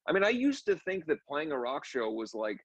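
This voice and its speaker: A man's voice: fairly high pitch, very animated, a little fast, breathy edge, dry recording, low-quality recording. A young man, a musician, talking candidly in casual conversation and telling stories with frequent restarts. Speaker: musician guest.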